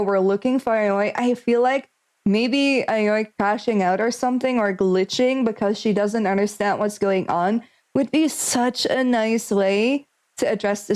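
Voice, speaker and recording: A young woman streaming a visual novel, reading the game text aloud and thinking out loud between lines in a chatty, speculative way. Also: medium pitch, poor audio.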